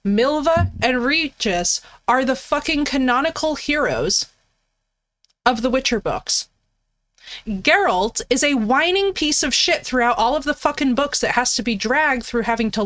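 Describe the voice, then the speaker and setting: A woman game streamer ranting casually to her chat in an animated, profane, emphatic way. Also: sits high, a little slow. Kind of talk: casual livestream rant to chat.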